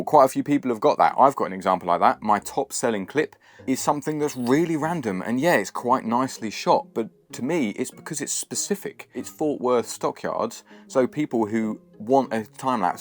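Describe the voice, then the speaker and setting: A male vlogger with a lowish voice who chats casually to his viewers. He rambles and makes fun of himself. Soft music plays in the background. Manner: chatty, rambling, self-deprecating. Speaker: channel host. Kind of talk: casual vlog talk to camera.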